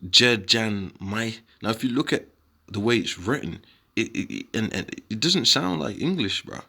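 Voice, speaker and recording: A young man talking casually to his viewers, animated and repetitive, calling them bro and man while making his case. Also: mid-range voice, normal speed, vocal fry. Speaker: online commentator. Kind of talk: casual rebuttal video talk.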